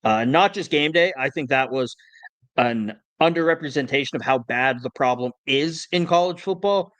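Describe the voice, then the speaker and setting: A man's voice: medium pitch, moderate pace, a bit bright, dry recording. A young man co-hosting a sports podcast, ranting in a worked-up way and stammering when heated. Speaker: podcast co-host. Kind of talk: casual sports podcast rant.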